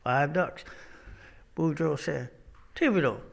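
A man's voice: fairly high pitch, takes it slowly, vocal fry. A man preaching a sermon, opening with folksy joke-telling in loose, casual grammar.

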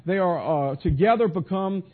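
A man's voice: high-pitched, lively intonation, moderate pace. A man preaching a sermon in an emphatic style, asking rhetorical questions and answering imagined objections. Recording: tinny phone-like audio.

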